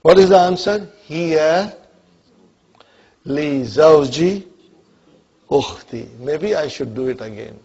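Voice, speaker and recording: A man's voice: fairly high pitch, expressive, takes it slowly, long pauses, darkish tone, slightly rough, highs cut off. A man teaching an Arabic grammar class, often asking whether students follow and calling on them by name. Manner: checks understanding often, calls on students by name.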